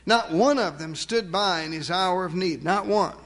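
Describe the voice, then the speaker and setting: A man preaching a sermon, emphatic, asking rhetorical questions and slowing down to stress key words. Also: high-pitched, a bit bright, big-room sound. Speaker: pastor.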